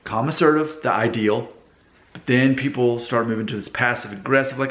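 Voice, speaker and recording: A man in his thirties talks through his advice in a casual, conversational way. His voice sits at a middle pitch. It bounces around the hard walls of a repair shop, which gives it a roomy echo. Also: moderate pace. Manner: conversational, acts out quoted people in exaggerated voices. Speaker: vlogger giving advice. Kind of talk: casual advice monologue to camera. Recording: echoey workshop.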